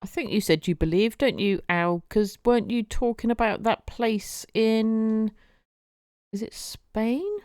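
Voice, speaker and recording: A woman's voice: a little high, a little slow, darkish tone, clear, resonant tone, dry recording, studio quality. A woman streaming, chatting casually with viewers and often repeating her words as she goes. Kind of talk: casual live-stream chat.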